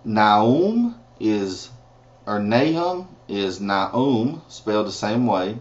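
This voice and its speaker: A man gives a language lesson at a very slow, deliberate pace, carefully sounding out each word. His voice sits fairly low, and he slips into relaxed, casual asides. The recording is dull and lo-fi. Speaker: Spanish teacher.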